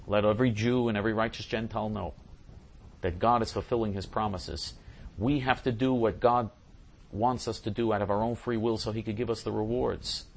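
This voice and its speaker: A man's voice: fairly low pitch, steady tone, brisk, gravelly, a little hiss or hum. A man hosting a show, answering listener questions in an emphatic casual monologue that repeats phrases for stress.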